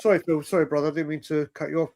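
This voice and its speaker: Man on a fan panel, higher voice, eager to say his piece. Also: steady tone, very fast, a little mellow, no room sound. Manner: apologetic then eager to vent. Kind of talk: livestream fan chat.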